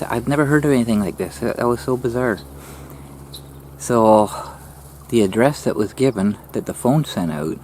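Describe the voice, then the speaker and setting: A man commenting casually as a channel host, a little hoarse and clearing his throat, puzzled and asking questions while repeating himself. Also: lowish voice.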